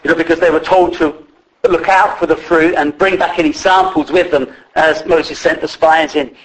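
A man's voice: on the high side, fairly even intonation, normal speed, a bit bright, poor audio. A man preaching a sermon in a conversational way, with many fillers and restarts.

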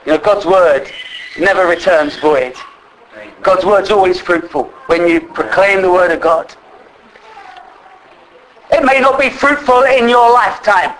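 Male preacher, fairly high voice, earnest sermon delivery that slows for emphasis. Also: fairly bright tone, a little hiss or hum, poor audio. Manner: earnest, slows down to stress scripture.

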